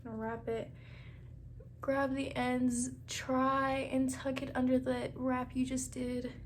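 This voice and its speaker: A young woman with a fairly high voice talks casually to her viewers while styling her braids. She slips into soft near-whispers as she concentrates. There is a faint hiss in the background. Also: flat delivery, slow pace. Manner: chatty, talks straight to viewers as "girl" and "y'all", laughs often; drops to a near whisper while twisting hair. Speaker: hair tutorial vlogger. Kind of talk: casual hair tutorial chat.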